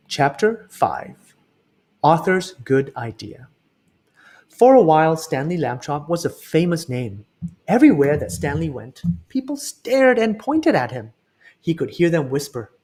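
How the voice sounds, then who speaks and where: A man reading a children's book aloud in an expressive way, slowing down for emphasis. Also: on the high side. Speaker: reader.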